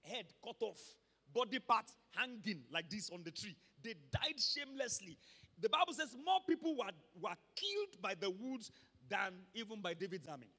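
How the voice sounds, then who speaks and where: A man's voice: high voice, sing-song, moderate pace. Man, Nigerian accent, pastor, emphatic sermon, long church reverb. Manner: emphatic, swings from quiet to shouting.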